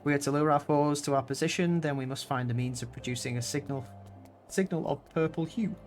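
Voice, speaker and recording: A man voicing an earnest young male scholar from a video game in formal, measured diction, with faint game music behind him. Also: fairly high pitch, lightly acted.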